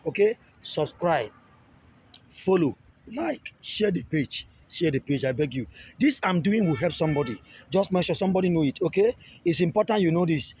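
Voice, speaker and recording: A man talks through a loose teaching monologue, high-pitched yet dark and husky in tone. He circles back on his own words, restarting phrases as he goes. The audio is dull and lo-fi. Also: a little hiss or hum. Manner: repetitive, restarts phrases, pleads with viewers. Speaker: relationship video creator.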